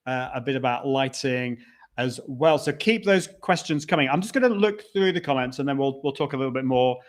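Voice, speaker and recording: A man's voice: mid-range voice, animated, brisk. A man hosting a live stream, chatting casually with a guest and reading out viewer comments. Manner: chatty, restarts, reads out comments. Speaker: host.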